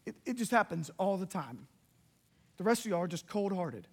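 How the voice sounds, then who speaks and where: A middle-aged man preaching a sermon as pastor, animated and emotional, acting out little dialogues. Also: high voice, normal speed.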